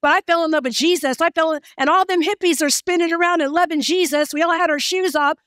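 A woman pastor delivers a fervent sermon, her high voice driving phrases home through repetition. The sound is dry and close, with little room around it. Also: fast talker, fairly bright tone, dry recording. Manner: passionate, emphatic preaching with repeated phrases.

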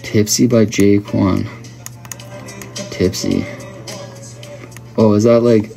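A man's voice: fairly low pitch, little pitch movement, slow, creaky, long pauses, dark tone, faint music behind. A man hosting a casual livestream, chatting and joking with viewers as he reads their comments. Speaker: livestream host. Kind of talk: casual live chat reading viewer comments.

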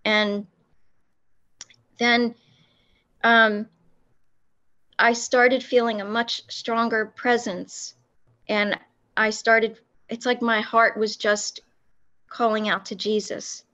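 A woman recounting a personal faith experience in an interview, speaking earnestly with many pauses and restarts. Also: a little high, level tone, a bit bright, dull audio. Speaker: guest telling her faith testimony.

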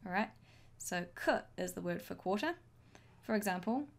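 A woman teaching a language lesson, modelling each phrase slowly and clearly for learners to repeat. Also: medium pitch, expressive. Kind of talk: slow, deliberate language lesson.

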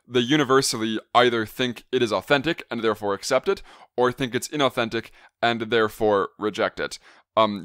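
A man co-hosting an academic podcast, laying out a scholarly argument and then disagreeing with it in a measured, critical way. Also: on the low side, a bit bright, clear, resonant tone, no echo, clean studio sound. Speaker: podcast co-host.

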